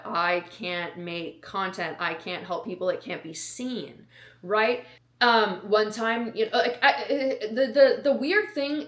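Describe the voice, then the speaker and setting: A woman's voice: fairly high pitch, a bit bright. A woman content creator talking casually to camera, earnest and rambling, often checking in with tag questions. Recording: roomy echo.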